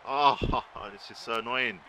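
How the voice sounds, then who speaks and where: A man streaming a wrestling video game live, excitedly commentating, swearing and shouting at the screen. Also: mid-range voice, a little slow, a little hiss or hum. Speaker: gaming streamer.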